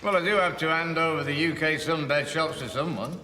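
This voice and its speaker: A man's voice: fairly high pitch, brisk, a crowd in the background, close to an everyday voice. An actor playing a smug, evasive businessman in a TV sitcom.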